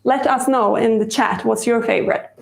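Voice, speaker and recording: A chatty woman hosts a live baking stream from a home kitchen, rambling and chuckling as she goes. Her voice sits a little high with a gravelly edge. The sound bounces around a roomy kitchen. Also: fairly even intonation, moderate pace. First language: Swedish. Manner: chatty, rambling, laughs often. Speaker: cooking show host.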